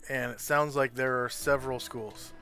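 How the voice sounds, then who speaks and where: A man narrating a tabletop game as game master, describing scenes in an unhurried, loosely improvised way. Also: mid-range voice, little pitch movement, sharp tone, faint music behind.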